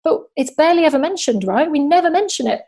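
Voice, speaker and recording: A football journalist shares stories in a relaxed interview. Her voice is mellow and sits a little high. She talks in a loose, chatty way with plenty of fillers. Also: quick pace. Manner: chatty storyteller, many fillers like "like". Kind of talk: casual interview chat.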